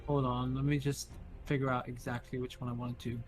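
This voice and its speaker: A man's voice: mid-range voice, little pitch movement, quick pace, music in the background. A man playing in a casual tabletop game, thinking aloud about his spells and swearing now and then. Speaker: player.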